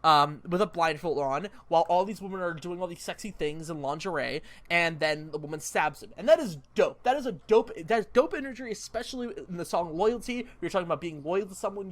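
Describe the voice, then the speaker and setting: A young man co-hosting a podcast, excitable and laughing often, talking in a casual, slangy way. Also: on the high side, fairly quick, few pauses. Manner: excitable, laughing, lots of "dude" and "like". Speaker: podcast co-host. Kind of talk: casual chat.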